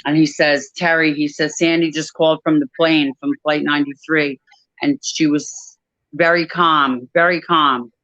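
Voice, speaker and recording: A woman giving a personal testimony about her work at an airline crew desk, talking in a halting way with many pauses and restarts. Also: low-pitched, steady tone, fairly bright tone, no echo, highs cut off.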